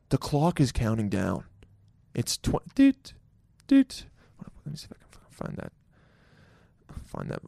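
In a casual solo intro to his podcast, the host jokes around, swears freely, and laughs a lot. His voice is medium-pitched and smooth, captured in a dry recording.

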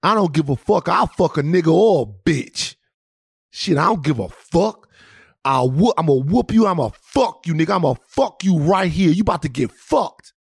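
A man's voice: a little high, lively intonation, moderate pace, vocal fry, breathy edge, dry recording, studio quality, heavily acted. A man voicing a huge, menacing man who crudely taunts someone before a fight. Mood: taunting.

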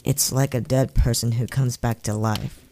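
A man's voice: medium pitch, brisk, mellow, pitched above the performer's own voice, natural voice. A man voicing a young trick-or-treating boy who is blunt, skeptical and a little whiny.

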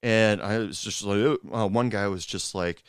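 Smooth low-voiced man telling a rambling story. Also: no room sound, clean studio sound. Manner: rambling, halting, with frequent asides. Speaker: former bartender telling stories. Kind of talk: casual personal storytelling.

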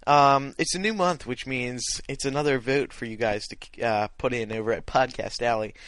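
Young male podcast host, mid pitch, dry close mic, loose rambling delivery. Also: moderate pace, a bit bright, no room sound. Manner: rambling, restarts often, laughs. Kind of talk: casual podcast banter. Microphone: internet call.

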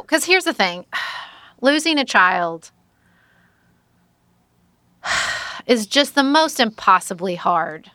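Woman guest, bright and smooth, slightly higher voice; earnest and emphatic. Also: big pitch swings, takes it slowly, long pauses, no echo. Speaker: podcast guest. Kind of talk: casual book-review chat.

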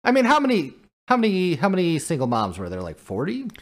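Lively joking male podcast co-host. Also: high-pitched, fast talker. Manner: joking, rambling, loses track of names. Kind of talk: casual chat.

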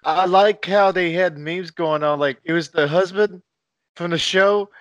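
A man's voice: high voice, fairly even intonation, a little slow, dry recording. A man co-hosting a podcast, laid-back and casual with brief replies. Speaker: podcast co-host. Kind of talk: casual chat. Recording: dull dry lo-fi sound.

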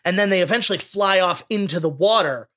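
A man with a high, bright, sharp voice chats casually as a podcast co-host. He gushes and gets openly emotional, piling on feeling. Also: fast talker. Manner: effusive, emotional, gushing. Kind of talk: casual movie discussion.

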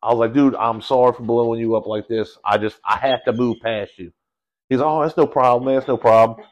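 Slangy animated male storyteller. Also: medium pitch, a little fast, muffled recording. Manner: animated storyteller, slangy, says bro and dude. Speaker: podcast guest telling a hunting story. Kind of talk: casual chat.

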